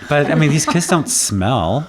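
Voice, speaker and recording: A middle-aged man, a pediatrician, giving relaxed, reassuring advice in a casual chat with parents and chuckling now and then. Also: on the high side, measured pace, noisy background.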